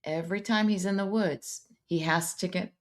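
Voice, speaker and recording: Woman, casual chat, eager interjections, halting restarts. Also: on the low side. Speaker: podcast co-host.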